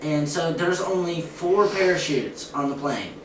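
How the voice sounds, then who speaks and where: A man's voice: a little high, lively intonation, a little slow. A young man casually setting up a joke challenge and telling jokes in a loose, rambling way. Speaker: channel co-host. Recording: distant echoey room with noise behind.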